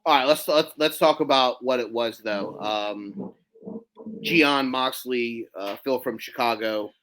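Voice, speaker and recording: A man's voice: mid-range voice, a little slow, a bit bright, rough recording. A man co-hosting a casual podcast, easygoing, steering the chat to the next topic. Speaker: podcast co-host.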